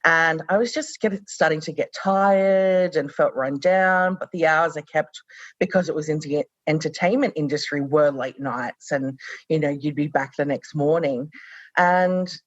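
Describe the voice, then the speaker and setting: A woman's voice: deep voice, measured pace, no echo. Australian-raised woman in her thirties, reflective interview guest, dull dry audio. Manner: reflective, many fillers. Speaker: podcast guest. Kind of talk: conversational podcast interview.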